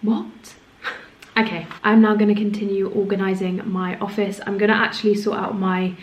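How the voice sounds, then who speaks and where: A woman in her twenties vlogging casually to camera, chatty and excitable, now and then hushed and emotional. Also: mid-range voice, fairly quick, dull audio, slight background noise. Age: 20s. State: has a headache. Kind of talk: casual vlog chat to camera. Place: home office room, indoors. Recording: echoey room.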